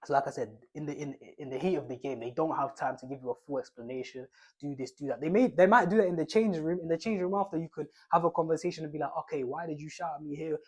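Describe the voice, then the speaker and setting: A man's voice: on the high side, rapid-fire, husky. A young man giving casual football advice, rambling in slang and restarting his phrases often.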